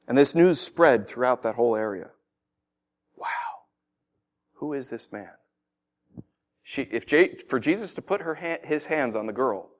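A man preaching a sermon, reading scripture and acting out the people in it with laughs. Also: mid-range voice. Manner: animated, acts out voices with laughs. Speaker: pastor.

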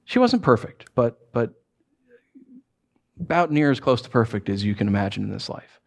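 A man's voice: medium pitch, normal speed, gravelly. A middle-aged man preaching a sermon as pastor, telling stories with lots of restarts and acted-out asides. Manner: animated storytelling with many restarts and acted asides.

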